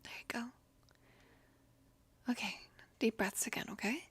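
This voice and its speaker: A woman of about twenty in a whispered role-play, gently soothing and reassuring as a caring best friend, close to the microphone. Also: a little high, expressive, a little slow, husky.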